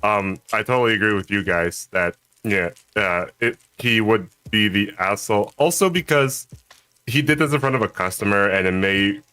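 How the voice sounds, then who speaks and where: A man's voice: lowish voice, moderate pace, pushed and bright, clean tone, dry recording. A man co-hosting a casual chat, speaking hesitantly with many fillers. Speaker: co-host of a discussion stream.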